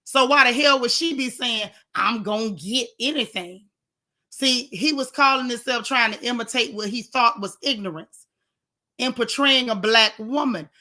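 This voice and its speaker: Woman gossip host, fired-up sarcastic commentary, bright voice pitched a bit high, addressing the audience directly. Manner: indignant, sarcastic, talks straight to viewers. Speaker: gossip vlogger. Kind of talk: casual commentary.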